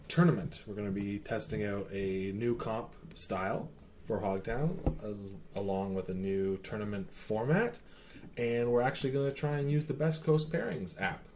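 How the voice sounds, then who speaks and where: A man's voice: fairly low pitch, darkish tone, slight background noise. A man co-hosting a casual hobby podcast, teasing his co-hosts and running the talk. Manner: teasing, reads product notes aloud. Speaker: podcast co-host. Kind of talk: casual chat.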